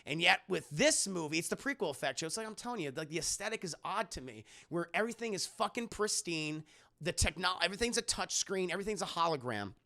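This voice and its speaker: A young man reviews a film for his live chat in a loose, rambling way and swears freely. His voice sits a little high and sounds bright and edgy. It has a strong gravelly fry. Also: lively intonation, fast. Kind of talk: casual spoken film review.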